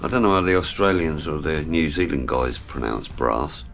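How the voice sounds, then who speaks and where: A man's voice: extremely low pitch, animated, normal speed, vocal fry. A man chatting casually as he works in his workshop, explaining each step with the odd joke. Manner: chatty, jokey, explains while working. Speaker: car builder vlogger. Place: home workshop.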